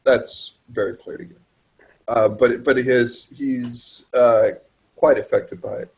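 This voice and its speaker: A man narrating as game master, halting and restarting often. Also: mid-range voice, fairly even intonation, creaky, a little mellow, low-quality recording. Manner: halting, full of fillers and restarts.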